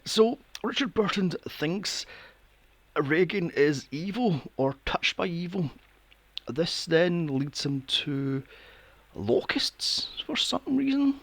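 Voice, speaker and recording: A man's voice: on the high side, slow, fairly bright tone, dry recording. A man co-hosting a podcast in casual chat, telling a story with lots of swearing and laughter. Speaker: podcast co-host.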